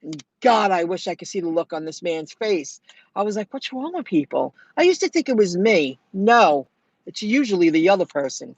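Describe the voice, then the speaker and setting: A middle-aged woman telling viewers about her delivery rounds in a chatty, animated way, acting out what people said. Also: on the low side, moderate pace, dry recording, lo-fi sound. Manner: chatty, animated retelling with quoted dialogue. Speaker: food delivery driver vlogger. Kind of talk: casual storytelling to viewers.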